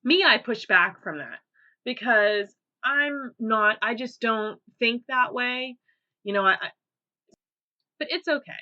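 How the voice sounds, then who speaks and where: Bright, chatty woman podcast host. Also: a little high, slow pace, highs cut off. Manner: chatty and upbeat, laughs easily, many fillers. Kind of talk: casual solo podcast monologue.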